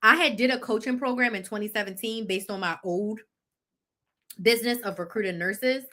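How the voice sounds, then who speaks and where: Bright and forceful, a woman in her thirties speaks at normal speed in a fairly high voice while hosting a live chat as a business coach. She shares her own story bluntly and animatedly, fixing details as she goes.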